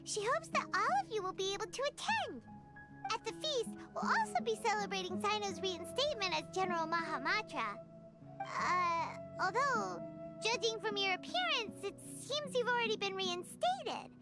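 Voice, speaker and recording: A squeaky, bouncy little fairy companion chatters on in a high, sing-song voice that leaps all over the place. Loud game music plays behind her. This is video game dialogue. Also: expressive. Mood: chatty. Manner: bubbly and quick, speaks of herself by name. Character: tiny chirpy fairy companion, girlish, excitable.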